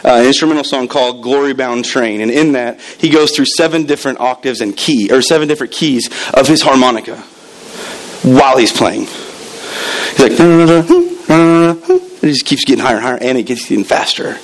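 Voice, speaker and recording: In a church, a man preaches a sermon at a fairly quick clip, his voice medium-pitched. He tells animated stories, acting out the people in them with performed quotes. The recording is rough.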